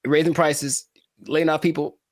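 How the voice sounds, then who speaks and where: A man's voice: on the high side, little pitch movement, unhurried, no echo, studio quality. A man co-hosting a casual podcast chat, jokey and theatrical, with mock-emotional asides. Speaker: podcast co-host.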